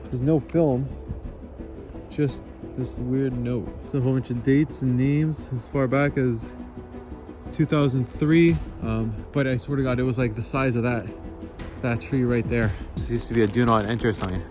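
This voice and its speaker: A man's voice: steady tone, moderate pace, over music. Playful joking man in a car. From Canada. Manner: playful, teasing, jumps to high exclaims. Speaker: vlogger host. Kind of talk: casual joking chat. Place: inside a car.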